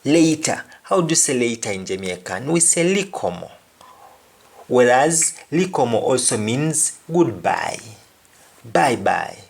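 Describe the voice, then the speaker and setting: A man's voice: mid-range voice, very animated, measured pace, creaky, breathy edge. A man teaching vocabulary, explaining each word and repeating phrases and examples. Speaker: language teacher.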